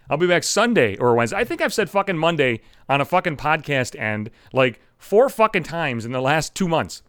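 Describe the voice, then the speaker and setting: A man's voice: a little high, big pitch swings, fairly quick, hardly any pauses, fairly bright tone, clear, resonant tone, dry recording, clean studio sound. Profane, angry young man ranting. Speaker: podcast host. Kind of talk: solo podcast rant.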